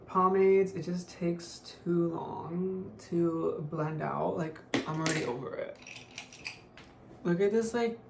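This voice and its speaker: Chatty young woman, slightly gravelly. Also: fairly low pitch. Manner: chatty, constant "like" fillers, offhand. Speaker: beauty vlogger. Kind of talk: casual makeup tutorial chat. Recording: echoey room, faint noise.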